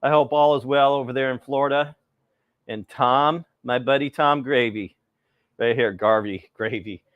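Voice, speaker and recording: A man's voice: medium pitch, steady tone, moderate pace, dry recording, phone-quality sound. Chatty man hosting a live cooking stream. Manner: rambling, greets viewers by name. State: a little cold.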